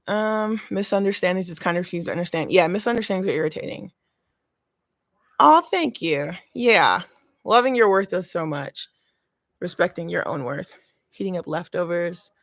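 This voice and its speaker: A woman's voice: on the low side, very animated, measured pace, creaky, long pauses, sharp tone, no room sound. Woman, casual livestream host, chatty, slightly breathless, dry close sound. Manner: chatty, thinks aloud, restarts often. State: short of breath. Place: family home.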